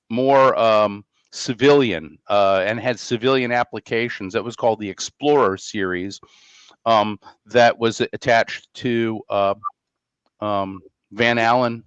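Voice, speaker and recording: A man's voice: fairly low pitch, a bit bright, clear, resonant tone, dry recording. A man hosting a casual podcast chat, talking in a hesitant way with many restarts. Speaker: podcast host. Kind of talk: casual conversation. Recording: dry, muffled mic sound.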